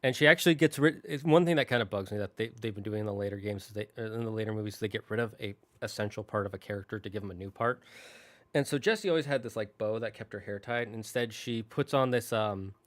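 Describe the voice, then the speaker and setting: A man's voice: on the low side, fast talker, no echo. A male host casually retelling a movie's plot, rambling with fillers and acting out the characters' lines. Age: adult, married. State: tearing up at times. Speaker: show host.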